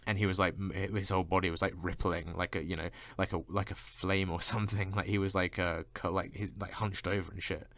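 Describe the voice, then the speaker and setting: A man's voice: low-pitched, level tone, brisk, few pauses, a bit bright, dry recording. A man vlogging a casual rant, constantly saying "like" and swearing freely. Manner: fills speech with "like", swears freely.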